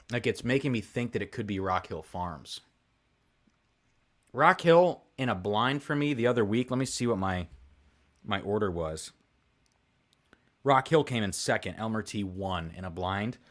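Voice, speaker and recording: Rambling low-voiced man tasting whiskey live. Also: expressive, moderate pace, long pauses, fairly bright tone. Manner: rambling, self-deprecating, thinks aloud with many fillers. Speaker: whiskey livestream host. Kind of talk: casual live-stream chat.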